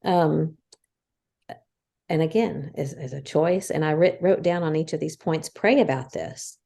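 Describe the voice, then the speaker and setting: A woman's voice: low voice, measured pace, vocal fry, dark tone. A woman in her fifties co-hosting a casual faith podcast, earnestly explaining her points one by one. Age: 50s. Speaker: podcast co-host.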